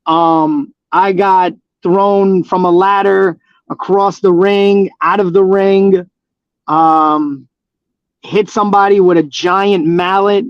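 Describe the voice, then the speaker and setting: A man's voice: high voice, fairly even intonation, slow, no room sound. Man, wrestler guest, rambling storyteller, lots of ums, muffled dry audio. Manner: rambling storyteller, many fillers and restarts, laughs easily. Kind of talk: casual interview chat.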